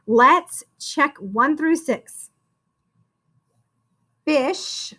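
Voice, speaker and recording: A woman teacher talks young children through a phonics spelling lesson, calling each child "friend". Her voice is high and bright. She speaks slowly, with big rises and falls. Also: sing-song. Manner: slow, sing-song, encouraging, calls the listener "friend".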